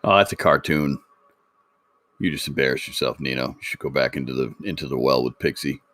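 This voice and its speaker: A man with an extremely deep voice fires off quick, teasing banter. His speech is fast, and the sound is dry and close. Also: fairly bright tone, no room sound. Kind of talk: casual chat.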